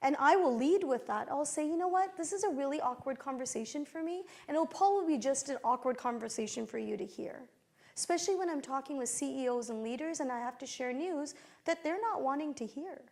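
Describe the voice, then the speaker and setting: A middle-aged woman with a fairly high voice speaks as a keynote speaker at a conference. She tells personal stories and gives motivational advice, and her delivery shifts in a lively way. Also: brisk.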